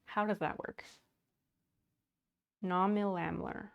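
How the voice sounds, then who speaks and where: The recording is muffled, and her medium-pitched voice has vocal fry, a steady tone and an unhurried pace. She livestreams from her home office, casually chatting as she sorts and works, laughing often while greeting and thanking viewers.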